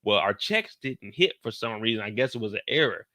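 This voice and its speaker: A man's voice: lowish voice, fairly quick, no echo, studio quality. A man in his thirties hosting a show, telling a story casually, with lots of swearing and acted-out dialogue. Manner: animated, profane, acts out quoted dialogue. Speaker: show host.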